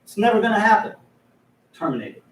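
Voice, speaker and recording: A man's voice: high-pitched, sing-song, quick pace. An older man leading a mediation training class, folksy and joking, often stopping to restart his sentences, recorded from a distant mic in an echoey room. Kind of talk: training class, demonstrating a mediator's opening statement.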